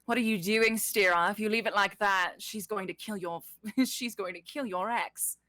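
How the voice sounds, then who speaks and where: A sly, offhand woman who teases from the shadows, as a woman puts her on in a tabletop game. The tone is bright and forceful, and the recording is close and dry. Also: mid-range voice, moderate pace, no echo, close to an everyday voice. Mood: teasing. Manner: sly and offhand, with affectionate mockery. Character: smug, teasing woman lurking in shadows.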